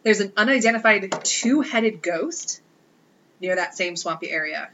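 A woman's voice: mid-range voice, expressive, measured pace, a bit bright, lo-fi sound, a little hiss or hum. A woman co-hosting a podcast, telling ghost stories in a wry, joking, casual way. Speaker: podcast co-host. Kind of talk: casual chat.

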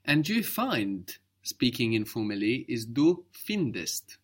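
A man's voice: mid-range voice, big pitch swings, slow pace, slightly rough. A man teaching a spoken language lesson, patiently explaining and modeling each word carefully.

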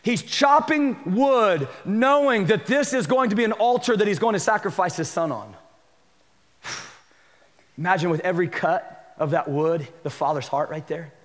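High-voiced animated preacher man. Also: measured pace, long reverb tail. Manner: animated preaching, acts out quotes with rising pitch and shouts. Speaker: pastor. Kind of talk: sermon. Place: church sanctuary.

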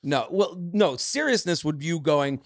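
A man, a comedian guest on a podcast, trading quick banter in casual chat, laughing and swearing. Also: on the high side, lively intonation, dry recording, studio quality.

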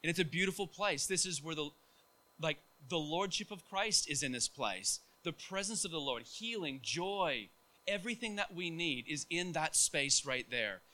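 A middle-aged man preaching a sermon, telling a personal story in a casual, animated way with many fillers and restarts. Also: fairly high pitch, normal speed.

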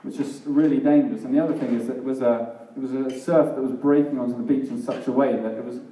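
A man's voice: medium pitch, fairly even intonation, quick pace, mellow. A man preaching a sermon in a casual, self-deprecating way, often laughing at himself. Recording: echoey hall, mic at a distance.

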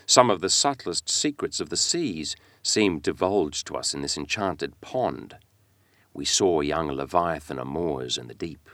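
A man narrating a classic novel in an expressive, dramatic reading that slows and speeds with the text. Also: a bass voice, dry recording. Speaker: audiobook reader.

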